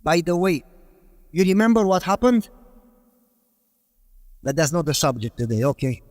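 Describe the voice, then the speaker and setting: Male pastor, high voice, emphatic storytelling sermon, reverberant hall. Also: very animated, moderate pace, a little mellow. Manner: rhetorical questions to the audience.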